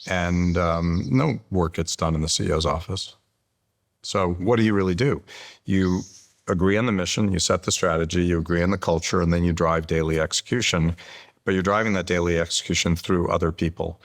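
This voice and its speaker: A man in his sixties, a company chief being interviewed, explaining his views in a measured way and telling anecdotes. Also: sits low, fairly even intonation. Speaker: interview guest, chief executive. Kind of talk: conversational interview.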